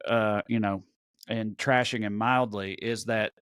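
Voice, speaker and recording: A man's voice: fairly low pitch, steady tone, fairly bright tone, clean tone, no echo, clean studio sound. A man with a Southern US accent, co-hosting a podcast in loose, rambling banter full of fillers. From American South. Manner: rambling, drawn-out thoughts with many fillers. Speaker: podcast co-host.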